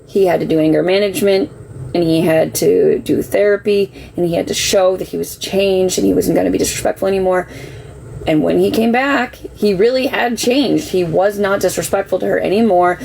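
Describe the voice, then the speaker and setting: Gravelly-voiced woman, defensive and rambling. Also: on the low side, fairly quick, darkish tone, a little hiss or hum, poor audio. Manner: emotional, defensive, rambling with many "like" fillers. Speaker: livestreamer telling her side. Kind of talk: casual live-stream monologue.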